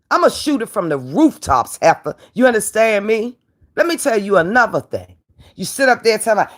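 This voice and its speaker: A woman's voice: mid-range voice, sing-song, normal speed. A woman hosting an online commentary show, delivering a taunting, profane rant at a rival and repeating her catchphrases.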